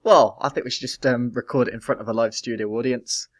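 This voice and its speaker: A man's voice: medium pitch, steady tone, quick pace. A young man co-hosting a podcast, wry and self-mocking, laughing often. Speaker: podcast co-host. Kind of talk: casual comedic chat.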